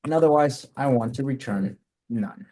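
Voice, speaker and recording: A man's voice: mid-range voice, moderate pace, mellow. A man teaching a live coding lesson, talking through his code step by step and correcting himself as he goes. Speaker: coding instructor.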